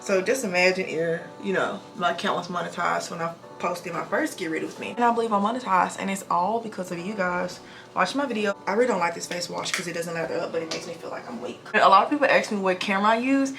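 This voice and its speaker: A young woman in her twenties talking fast and casually while getting ready in her bathroom, recorded on a camera mic. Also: on the low side, over music. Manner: talks fast without pauses, breathy between sentences. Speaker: nurse vlogger. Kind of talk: casual get-ready-with-me vlog. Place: home bathroom.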